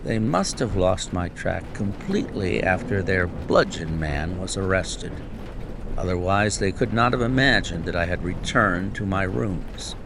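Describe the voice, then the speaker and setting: A man reading a calm, clever detective who speaks in a dry, wry, brisk way in a storybook. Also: low-pitched, gravelly, background noise, exaggerated voice. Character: calm clever male detective in his prime.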